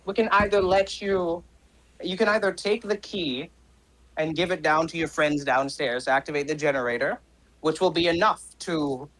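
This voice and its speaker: A man voicing a cruel corporate villain who mocks a young hero in slow, contemptuous words. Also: on the high side, fairly bright tone, poor audio.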